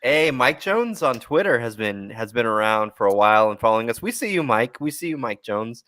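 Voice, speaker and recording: A man's voice: mid-range voice, lively intonation, a little fast, fairly bright tone. A man hosting a casual podcast chat, rambling with many restarts. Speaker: podcast host.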